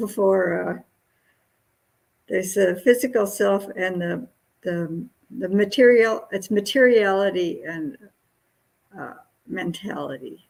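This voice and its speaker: A Buddhist nun giving a dharma talk, who hesitates, searches for words and laughs lightly. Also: female voice, mid-range voice, creaky, poor audio.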